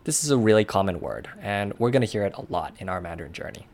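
A man co-hosting a language lesson, explaining pronunciation in a clear, methodical way. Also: fairly low pitch, animated, quick pace, a little mellow. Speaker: language podcast co-host.

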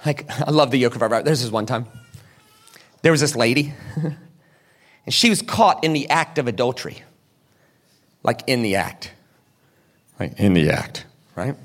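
A man's voice: medium pitch, animated, a little slow, long pauses. A man preaching a sermon as pastor. He asks the crowd questions, answers them himself, and acts out the people in the story.

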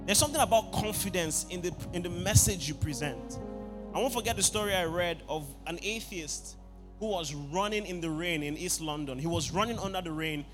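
A young man preaching a sermon, asking the congregation for answers and building up to loud shouted passages. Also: sits high, fairly quick, over music. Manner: call-and-response, rising to shouts.

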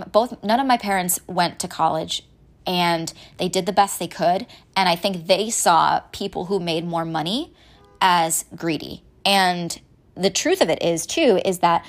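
Candid woman coaching on money mindset. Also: lowish voice. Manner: candid, swears casually, earnest. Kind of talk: casual motivational talk.

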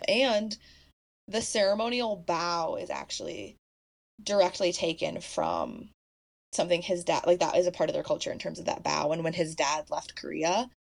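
A young woman co-hosting a casual movie podcast. Her pitch rises and falls a lot as she retells the story, packing her sentences with "like" and breaking into laughs. It sounds relaxed and conversational. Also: creaky. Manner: animated storytelling, many "like" fillers, laughs often. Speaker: podcast co-host. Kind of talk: casual movie recap chat.

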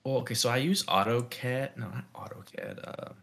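A man's voice: medium pitch, moderate pace, vocal fry, a bit bright. A young man co-hosting a casual podcast chat, rambling and thinking aloud with lots of "like". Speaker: podcast co-host.

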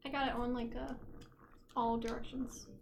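A woman with a high voice chats casually as a podcast co-host. She cuts in with short, dry, wry remarks. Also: little pitch movement, moderate pace, gravelly, slight background noise. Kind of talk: casual chat.

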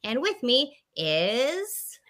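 Animated, giggly woman podcast host. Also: high voice, drawn-out words. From US South. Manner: giggly and animated, laughs often. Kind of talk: casual podcast chat.

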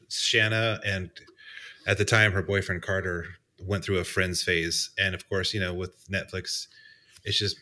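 A man co-hosting a casual podcast, joking and laughing between quick asides. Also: sits low, level tone, bright, forceful tone, slight background noise. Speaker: podcast co-host. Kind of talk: casual chat.

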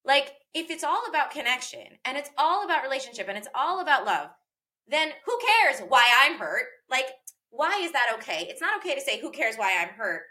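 Woman, bright clear voice, earnest, reflective, casual podcast chat, lots of "like" and "you know". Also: sits high, big pitch swings, brisk. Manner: earnest and reflective, with many fillers and repeated phrases. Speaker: parenting educator in a podcast conversation. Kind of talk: casual conversational podcast talk.

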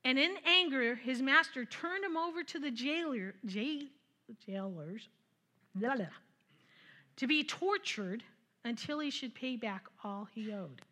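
Woman preaching, super bright kinda high voice, chatty and laughy. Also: a little slow. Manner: animated, laughs often, retells scripture with asides. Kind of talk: conversational sermon.

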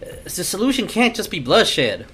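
A man's voice: on the high side, lively intonation, a little hiss or hum. A man doing a weary peacemaking father. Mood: pleading. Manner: measured, pleading. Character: weary middle-aged father, calm peacemaker.

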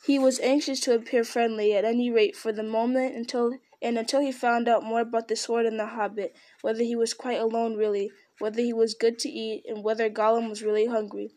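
A woman reading a fantasy storybook aloud, unhurried, with small slips and restarts. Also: on the high side, flat delivery, mellow. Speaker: reader.

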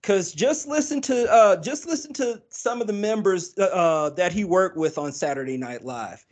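A man's voice: high voice, expressive, moderate pace. A man co-hosting a podcast, talking casually and rambling with many fillers and restarts. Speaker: podcast co-host. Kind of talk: casual chat.

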